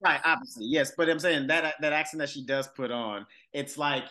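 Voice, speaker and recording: A man's voice: on the high side, moderate pace, pushed and bright. A man co-hosting a podcast as a comedian, chatting casually and laid-back with lots of fillers. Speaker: podcast co-host. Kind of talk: casual chat.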